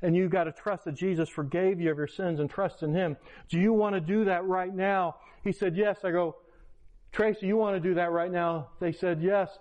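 A man, a pastor, preaching a sermon by retelling a personal story with quoted dialogue. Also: normal speed. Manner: animated retelling with quoted dialogue, pitch rising in excitement. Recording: lo-fi, dull sound.

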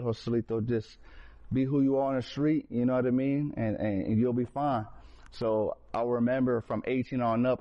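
A man telling his personal faith testimony in casual storytelling, earnest, with street slang and frequent restarts. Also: mid-range voice. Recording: slightly dull lo-fi recording.

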